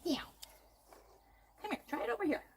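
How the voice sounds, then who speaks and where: A woman's voice: extremely high pitch, lively intonation, normal speed, creaky. A woman outdoors in a goat yard, coaxing and calling the goats by name in a sing-song way. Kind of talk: coaxing animals on a farm. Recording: outdoor camera audio with farm noise.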